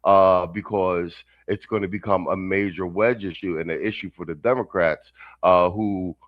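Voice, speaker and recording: A man hosting a live panel show, giving political commentary in a measured, halting way full of fillers. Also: sits low, fairly even intonation, no room sound, narrow, tinny audio. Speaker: host.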